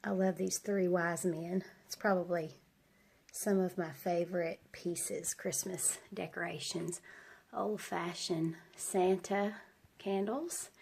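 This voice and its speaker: A homeschooling mom vlogger in her forties, her head stuffy with a cold, talks in a fairly low, creaky voice that is darkish and slightly rough. She keeps a fairly even intonation at an unhurried pace. Rambling with a few ums, she gives a casual tour of her house indoors.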